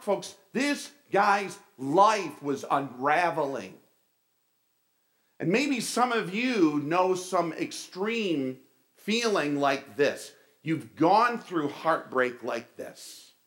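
Male pastor, sermon, slightly high voice, animated storytelling, chatty asides. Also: takes it slowly.

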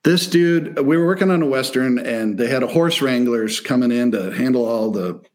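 A man from Michigan telling a story in a casual chat, animated and profane, acting out the people he quotes. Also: mid-range voice, moderate pace. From Michigan, near Detroit.

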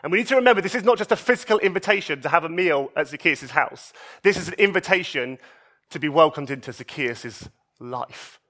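A male preacher with a high, bright voice delivers a sermon. He swings between emphatic raised lines and hushed, soft passages. His tone is lively and pointed throughout. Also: brisk. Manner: expressive, shifts between emphatic highs and soft low passages.

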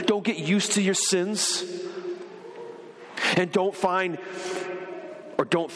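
A man's voice: on the high side, fairly bright tone, slight background noise. Earnest man preaching in a reverberant hall. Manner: earnest, emphatic preaching with rising intensity. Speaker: pastor. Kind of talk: sermon.

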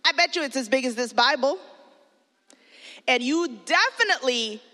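Woman pastor, middle-aged, higher bright voice, lively sermon storytelling, long hall echo. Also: moderate pace. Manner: animated storytelling, bursts into shouted quotes. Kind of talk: sermon to youth.

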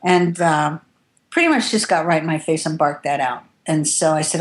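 In an interview, a woman tattoo artist shares stories from her working life in a candid, rambling way, swearing casually now and then. Her voice is low-pitched with lively intonation, and she speaks at a normal speed.

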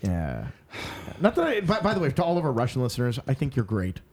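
A man's voice: medium pitch, wildly swooping pitch, quick pace, darkish tone. A man co-hosting a casual podcast chat, joking crudely and swearing. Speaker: podcast co-host.

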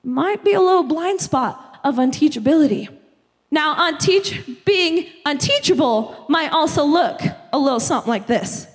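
A young woman preaches a sermon in a chatty, conversational way, often checking in with her listeners. Her voice sits very high, and a long church hall reverb lingers after her words. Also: expressive, normal speed. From United States. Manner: conversational, repeatedly asking "okay?". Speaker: youth pastor.

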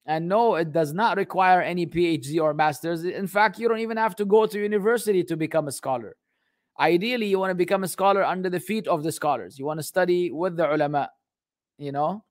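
A man's voice: high voice, fast talker. A man hosting a casual question-and-answer session, blunt and exasperated, joking around and dropping Arabic phrases into his talk. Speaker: host answering viewer questions. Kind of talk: casual live Q and A.

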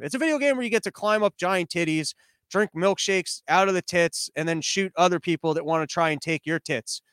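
A man's voice: high-pitched, a bit bright, dry recording. A man hosting a show from his living room studio, riffing in a rambling, sarcastic way with frequent restarts. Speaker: podcast host. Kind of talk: casual comedic commentary.

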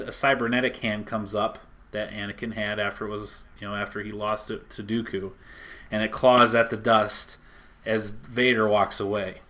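A man's bright, forceful voice, pitched on the low side, carries a casual retelling of a comic book story. He delivers it with animation, voicing the characters' lines himself.

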